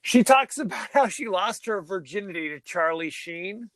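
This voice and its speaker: High, lively man chatting on a podcast. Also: moderate pace, no echo. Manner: animated, mocks line readings with exaggerated impressions. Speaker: podcast co-host. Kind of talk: casual chat.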